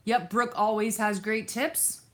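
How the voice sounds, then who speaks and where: Her voice is on the high side, a little slow and fairly even in intonation as she runs a relaxed crafting stream. Full of fillers and restarts, she answers comments, thanks viewers by name, gets easily sidetracked, and occasionally wanders off-mic.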